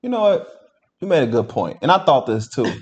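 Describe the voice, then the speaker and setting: A man co-hosting a show, reacting to a story in blunt, animated casual chat and talking straight to the audience. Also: medium pitch, fairly quick. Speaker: podcast co-host reacting to a story.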